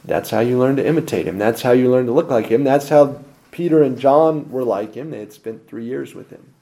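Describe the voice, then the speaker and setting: The speaker is a male pastor preaching briskly in a mid-range voice. He asks rhetorical questions and moves between loud emphasis and quiet asides.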